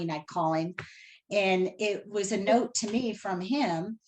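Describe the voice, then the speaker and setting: A middle-aged woman calling in to tell an emotional personal story, animated and acting out the dialogue she recalls. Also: mid-range voice, a little slow. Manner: animated retelling, acts out dialogue. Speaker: caller telling of a reading.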